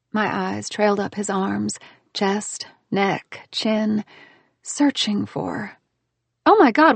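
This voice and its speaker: A woman narrating a first-person romance audiobook in a smooth, expressive way. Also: mid-range voice, dry recording.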